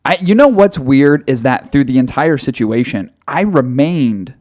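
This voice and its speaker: A man's voice: mid-range voice, expressive, a little slow, darkish tone. A young man co-hosting a podcast, teasing his friend and acting out the sounds as he tells a story. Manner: teasing, mock-stern, acts out sounds. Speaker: podcast co-host. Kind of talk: casual storytelling chat.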